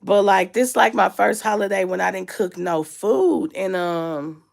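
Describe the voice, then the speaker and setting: A woman's voice: medium pitch, unhurried, vocal fry. A young woman, sick and under the weather, chatting casually to her viewers and confiding, her voice rising and sinking with her feelings. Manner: chatty, confiding, lively rises and sinks with feeling. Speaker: vlogger. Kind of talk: casual storytime chat.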